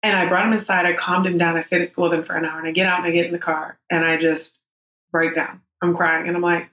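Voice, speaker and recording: A woman's voice: on the low side, little pitch movement, fast, pushed and bright. A woman in her thirties telling a personal story as a podcast guest, candid and emotional, with frank swearing. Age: 30s. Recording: roomy echo.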